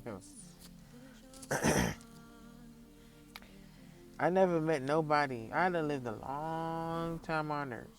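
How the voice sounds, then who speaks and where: A man in his early thirties ranting casually to camera, telling a heated story full of profanity and repetition, with faint music behind him. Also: a little high. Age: early 30s. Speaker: vlogger.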